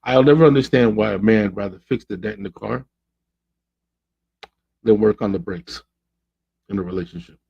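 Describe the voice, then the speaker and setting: A man's voice: lowish voice, normal speed, vocal fry, long pauses, breathy edge, dull audio. A man hosting a podcast, giving relationship advice in a preachy monologue and acting out quoted voices. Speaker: podcast host.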